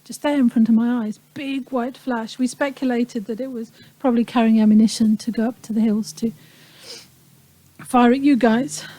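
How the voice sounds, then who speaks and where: A woman in her fifties from the Falkland Islands, telling a live audience about her wartime childhood in a reflective, pausing way with touches of humor. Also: on the high side, steady tone, warm tone, dry recording, rough recording. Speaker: speaker recounting a wartime childhood. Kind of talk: personal talk to an audience.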